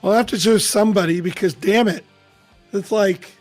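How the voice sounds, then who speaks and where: A man's voice: high-pitched, steady tone, fairly quick, darkish tone, faint music behind. A man in casual chat, chatty and a bit boastful, often laughing. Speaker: podcast co-host.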